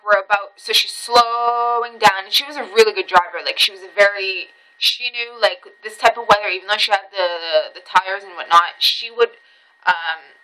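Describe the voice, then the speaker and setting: A woman vlogger casually telling a personal story, swearing freely and jumping high in pitch at the tense parts. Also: poor audio. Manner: animated, swearing, voice jumps high when reliving tense moments.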